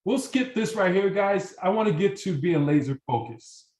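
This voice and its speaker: High-voiced man coaching a sales team. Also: normal speed, echoey room, recorded from a distance, poor audio. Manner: energetic coaching with acted-out sample calls. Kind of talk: motivational training talk.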